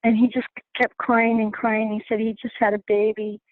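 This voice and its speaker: A woman's voice: a little high, flat delivery, dry recording. Woman telling a story over a tinny phone line. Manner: earnest, halting with restarts. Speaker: class participant sharing a story. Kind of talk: casual storytelling on a call. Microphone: phone call.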